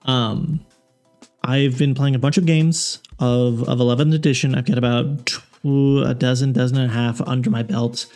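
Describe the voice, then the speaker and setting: A man's voice: medium pitch, steady tone, normal speed, darkish tone, faint music behind. Rambling, opinionated man hosting game talk. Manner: rambling, self-correcting, filler-heavy; frank and opinionated. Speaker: tabletop game channel host. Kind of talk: casual game analysis commentary.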